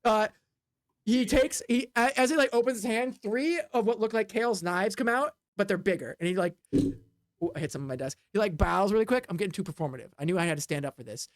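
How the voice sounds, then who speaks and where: A woman's voice: medium pitch, expressive, a little fast, no echo, clean studio sound. A woman narrating as game master of a tabletop game, rambling with many fillers and sound effects. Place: home desk.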